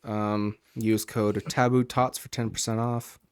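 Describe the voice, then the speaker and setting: Man, podcast co-host, smooth clear voice, casual rambling story, lots of ums, swears freely. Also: fairly low pitch, little pitch movement, a little slow. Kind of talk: casual chat.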